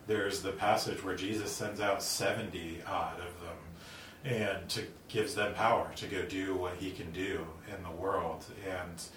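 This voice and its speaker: A man's voice: deep voice, fairly even intonation, a little slow, fairly bright tone, roomy sound, distant mic, a little hiss or hum. A man earnestly explaining church ideas in casual conversation, with frequent likes and ums. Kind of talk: casual discussion about faith.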